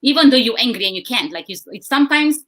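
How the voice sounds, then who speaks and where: A woman's voice: a little high, animated, quick pace, a bit bright. A woman speaking earnestly in a live discussion, often repeating words as she thinks. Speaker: guest speaker.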